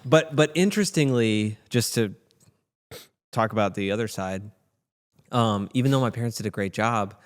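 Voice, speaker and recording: Man, podcast co-host, lowish voice, conversational, anecdotal, long room echo. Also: moderate pace, long pauses. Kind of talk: casual discussion. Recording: reverberant room.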